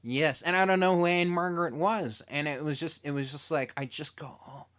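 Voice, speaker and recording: A man interviewing a TV creator as a fan, telling stories in an animated way and acting out quotes. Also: a little high, fairly quick. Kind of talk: casual interview chat.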